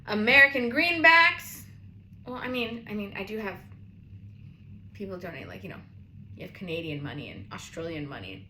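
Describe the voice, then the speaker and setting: A woman from New England with a New England accent, chatting quickly and playfully while doing a tarot card reading. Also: a little high, expressive, sharp tone, echoey room, a little hiss or hum. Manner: fast-talking, playful, laughs often. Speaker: tarot reader.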